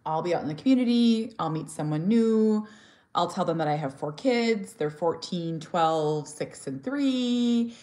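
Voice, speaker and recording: A woman's voice: lowish voice, animated, unhurried, mellow. A woman speaking candidly in a personal vlog as a mother and author, earnest and heartfelt, often restarting her sentences and sometimes blunt. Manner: talks openly and directly, sometimes blunt.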